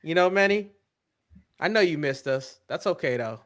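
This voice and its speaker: A man's voice: on the high side, expressive, normal speed, a bit bright. A man co-hosting a casual wrestling chat, joking and teasing the host.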